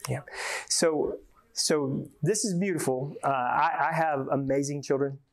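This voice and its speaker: Man, conference speaker, slightly high voice, folksy humor, lots of word repeats. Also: measured pace. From Georgia, USA. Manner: folksy, joking, repeats words often. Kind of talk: live conference talk.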